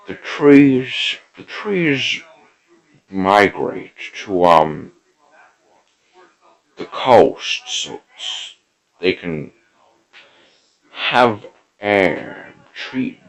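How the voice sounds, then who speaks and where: A man imitating an elderly British nature documentary narrator with a British accent, speaking in halting, confused, wandering phrases. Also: lowish voice, very animated, voice pushed up, full character voice, poor audio.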